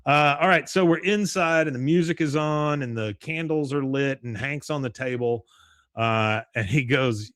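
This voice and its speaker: A man's voice: mid-range voice, normal speed, fairly bright tone, no room sound, studio quality. A man hosting a podcast, animatedly recapping a cartoon episode and quoting its characters with laughs. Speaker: podcast host.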